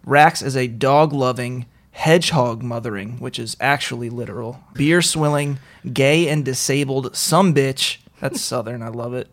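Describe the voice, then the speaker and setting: A man hosts a podcast with easy, joking banter. He swears casually and laughs often as he runs through guest introductions. His voice sits at an ordinary middle pitch. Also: unhurried, few pauses. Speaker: podcast host.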